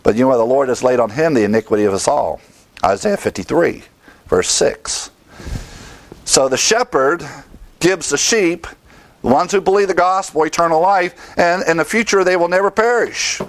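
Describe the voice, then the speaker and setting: A man's voice: fairly high pitch, moderate pace, rough recording. A man teaching from the Bible in a sermon, emphatic, asking his listeners questions and answering them himself.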